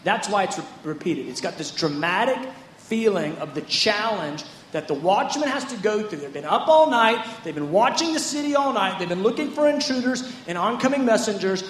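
A man's voice: high voice, lively intonation, normal speed, a bit bright, reverberant, a little hiss or hum. A man preaching a sermon in a conversational way, often acting out quotes from scripture. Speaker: pastor.

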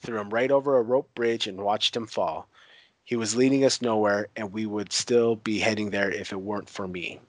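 A man's voice: lowish voice, fairly even intonation, no room sound, natural voice. A man voicing a brash, mocking older pirate uncle while retelling a TV scene. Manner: taunting, crude, unhurried.

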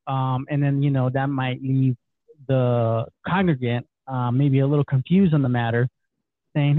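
A man's voice: fairly high pitch, fairly even intonation, unhurried, no room sound. A man hosting an interview, talking casually and thinking aloud with many fillers. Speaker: interview host. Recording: dry tinny phone-like line.

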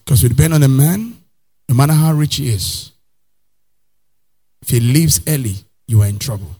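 A man preaching a sermon in a Nigerian accent, animated, acting out little scenes and slipping into pidgin phrases. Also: mid-range voice, moderate pace, slightly rough. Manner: animated preaching, acts out characters, slips into pidgin. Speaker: pastor.

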